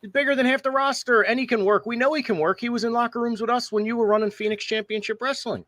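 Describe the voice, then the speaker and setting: A man hosting a casual podcast chat, animated and swearing casually. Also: extremely high pitch, fast, no echo. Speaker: podcast host.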